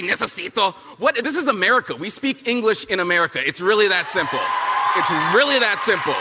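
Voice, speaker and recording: A man giving a punchy, fiery speech at a youth summit. He repeats lines for effect and mocks people with quick impressions. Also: high voice, pushed and bright. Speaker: speaker at a youth political summit. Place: large hall at a summit, with an audience. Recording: big hall with long reverb and a faint crowd.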